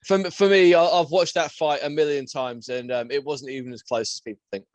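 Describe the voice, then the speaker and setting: A man with a fairly high voice talks fight results on a podcast, animated and quick to laugh. He sounds a little tipsy from beer. The sound is dry and close to the mic. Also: no room sound. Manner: animated, laughs often, mimics commentators. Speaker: podcast co-host. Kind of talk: casual chat.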